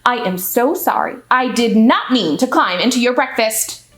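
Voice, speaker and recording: A bubbly, wide-eyed little girl bursts with excitement in a storybook voice, as a woman puts her on, high and swooping up and down. Her lines bounce along, eager and cheerful. The recording rings in an echoey room with faint music underneath. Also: normal speed. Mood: chirpy. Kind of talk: storybook character voice.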